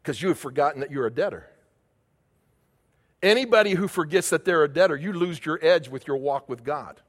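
High-voiced older preacher in echoing hall. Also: male voice, expressive, fairly quick. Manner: emphatic, repeats key phrases, rhetorical questions. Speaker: pastor. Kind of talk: sermon. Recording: long reverb of a large hall.

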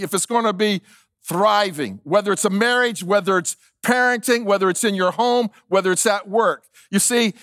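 High-voiced emphatic preacher man. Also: fairly bright tone, dry recording, studio quality. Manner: emphatic preaching, repeats key lines, asks the congregation questions. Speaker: pastor. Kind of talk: sermon.

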